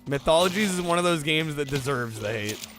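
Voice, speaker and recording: A man's voice: a little high, expressive, fairly quick, a bit bright. A man hosting a casual livestream, chatting in a laid-back way and thanking viewers. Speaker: streamer host. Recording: music playing under voice. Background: background music.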